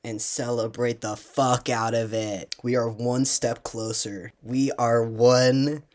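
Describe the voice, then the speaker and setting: An excitable fan vlogger talking from home, swearing freely and swinging between quick, mid-pitched analysis and loud, gleeful outbursts. The energy runs high and hard to contain throughout. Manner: passionate, swears often, bursts into loud excited rants.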